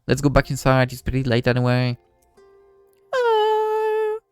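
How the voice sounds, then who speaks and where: A man's voice: mid-range voice, fast talker, clear, resonant tone, no echo, faint music behind. A man reading a visual novel aloud as the male lead, narrating wryly with joking asides. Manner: wry, lively narration with asides. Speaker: game let's-play narrator.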